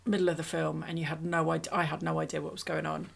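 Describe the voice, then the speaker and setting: A woman's voice: low voice, flat delivery, quick pace, vocal fry, breathy edge. A woman casually chatting on a podcast, recapping a film in a rambling, self-mocking way. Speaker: podcast co-host reviewing a film. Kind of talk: casual chat.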